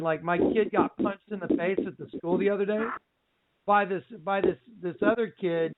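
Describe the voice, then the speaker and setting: High-voiced excitable man on a tinny line. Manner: animated, breaks into shouts and laughs. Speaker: radio show host. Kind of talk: excited religious radio talk. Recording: tinny phone-like line with faint noise.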